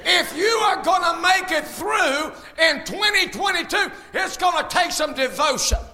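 A man preaching a fiery sermon as pastor, shouting much of it and mixing in folksy humor. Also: very high-pitched, animated, measured pace.

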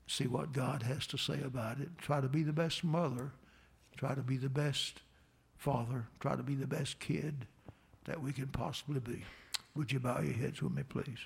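An older man preaching a heartfelt sermon as a pastor, telling a story in an earnest, slow way and leading a prayer. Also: mid-range voice, vocal fry, husky.

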